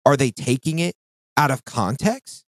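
Man, podcast co-host, casual chat, very lively pitch, cursing, dry close sound. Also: a little slow, no echo. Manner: animated, swearing, mimics voices with big pitch jumps.

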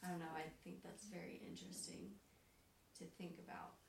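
A woman's voice: lowish voice, level tone, brisk, gravelly. A woman in a casual Bible study discussion, thinking aloud with many fillers. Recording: distant mic in an echoey room with faint hiss.

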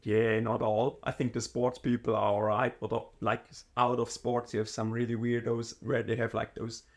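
Young man, halting chat. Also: medium pitch, little pitch movement. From Switzerland. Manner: halting, laughing, non-native phrasing. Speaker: podcast guest, triathlete. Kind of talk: casual chat.

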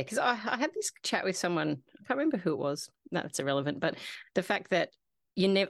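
A woman hosts a podcast in an easygoing, chatty way. Her voice sits very low for a woman and has a gravelly, creaky edge. The sound is dry and close. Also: no room sound. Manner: chatty, frequent agreeing backchannels. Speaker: podcast host. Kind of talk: casual podcast chat.

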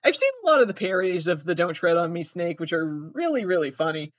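A young adult comedian vlogger rambles in a quick, sing-song, medium-pitched voice, swearing freely and giggling often. Captured on a built-in device mic with no external microphone, the sound is dry, dull, and lo-fi, with no room sound.

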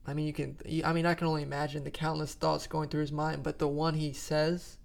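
A man co-hosting a casual faith podcast, talking in an animated way and searching for words as he goes. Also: fairly high pitch, a little fast, gravelly. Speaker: podcast co-host.

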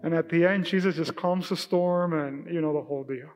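Animated high-voiced preacher in a hall. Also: male voice, a little fast. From Hispanic heritage, Spanish speaker. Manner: casual, animated preaching with acted-out quotes. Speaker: pastor. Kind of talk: sermon. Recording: live church hall with reverb and faint music.

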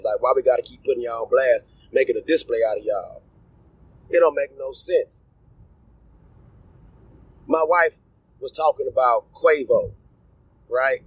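A man's voice: medium pitch, slight background noise, low-quality recording. A young adult man ranting in a casual, crude, rambling way, with disgusted asides. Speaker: commentator. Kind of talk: casual opinion rant.

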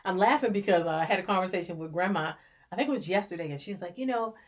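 A middle-aged woman talking about parenting in a relaxed podcast conversation, reflective and storytelling, laughing now and then. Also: lowish voice, racing. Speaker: podcast co-host and mother. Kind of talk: casual conversation.

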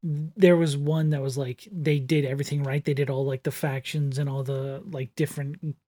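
Husky relaxed man, dry close sound. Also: fairly high pitch, normal speed, no echo. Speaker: podcast co-host. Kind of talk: casual chat about tabletop games.

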